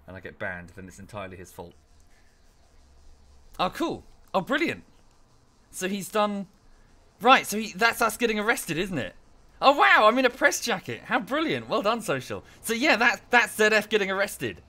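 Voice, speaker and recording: A man's voice: on the high side, bright, forceful tone. A man streaming live, chatting casually in a rambling way with many fillers and restarts, thanking viewers in chat as he goes.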